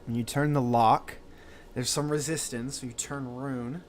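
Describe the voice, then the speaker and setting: A man narrating a tabletop game as game master, lively and full of restarts. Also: medium pitch, unhurried. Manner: animated, restarts often.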